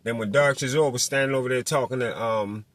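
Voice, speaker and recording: Profane animated man on a boxing rant. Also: mid-range voice, quick pace, dry recording. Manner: animated, profane, mocks people in put-on voices. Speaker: boxing commentator. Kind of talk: casual monologue.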